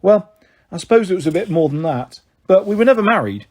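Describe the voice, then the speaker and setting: A man voicing a breezy, slightly shifty dad who walked out on his family, awkward and offhand, husky, his pitch bouncing around as he tries to sound cheerful. It is a storybook reading. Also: animated, fairly quick, darkish tone. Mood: evasive. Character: casual, evasive father who walked out. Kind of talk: audiobook character voice.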